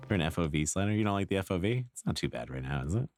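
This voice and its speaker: A man's voice: low voice, lively intonation, rapid-fire, no echo, clean studio sound, faint music behind. A man streaming a video game, chatting in a laid-back, joking way. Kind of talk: casual gameplay commentary.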